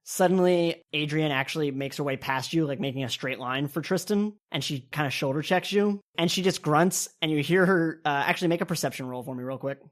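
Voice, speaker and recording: Woman, game master, very low voice, casual narration, filler-heavy. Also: a little fast, few pauses.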